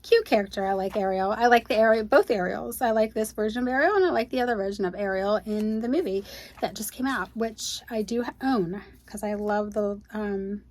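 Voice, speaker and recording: A woman's voice: medium pitch, brisk, darkish tone. A woman, unboxing at home and gushing to her viewers in casual chat. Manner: gushing, exclaims often, addresses viewers as you guys. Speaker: unboxing video host. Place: home room.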